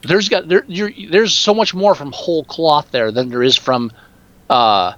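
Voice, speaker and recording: A man chatting casually about movies, excitable and swearing freely. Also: a little high, a little slow, no room sound, lo-fi sound.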